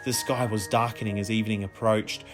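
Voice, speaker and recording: A man reading a children's horror story aloud as an audiobook, in a dramatic, expressive manner. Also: on the low side, a little fast, over music. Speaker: audiobook reader.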